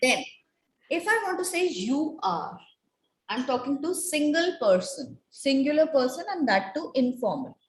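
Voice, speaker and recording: Slow, patient teacher woman. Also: high-pitched, very animated. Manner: slow, patient, repeats and quizzes students. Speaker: French teacher. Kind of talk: classroom lecture. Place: echoey classroom. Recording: echoey room with faint noise.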